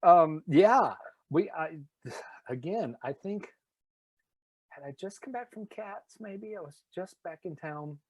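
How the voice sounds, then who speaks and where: Speaking slowly in a high, slightly rough voice, a Nashville voice actor with a light Tennessee twang shares stories in a relaxed interview. He's lively and drifts into impressions, and the recording has no echo.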